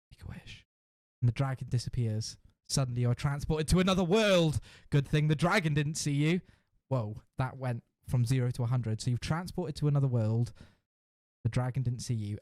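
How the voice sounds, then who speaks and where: A man's voice: mid-range voice, warm tone, no echo, studio quality. A man hosting a casual podcast who reads a generated adventure story aloud, laughing and swearing freely as he goes. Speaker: podcast host.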